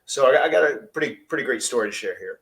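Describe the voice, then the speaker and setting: A man's voice: medium pitch, lively intonation, very fast, vocal fry, fairly bright tone. A man hosting a podcast, telling a long story casually, rambling and laughing often. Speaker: podcast host.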